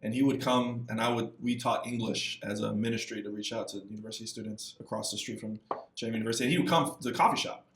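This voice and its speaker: A man, a missionary guest, talking casually in an interview, lively and acting out little quotes as he goes. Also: quick pace, reverberant, far from the mic, slight background noise. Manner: animated, acts out voices and quotes with big pitch jumps.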